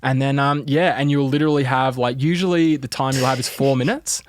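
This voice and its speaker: A man's voice: medium pitch, fairly even intonation, fairly quick, no echo, studio quality. A man with an Australian accent, chatting casually on a podcast as a guest, rambling and full of fillers. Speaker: entertainment reporter guest.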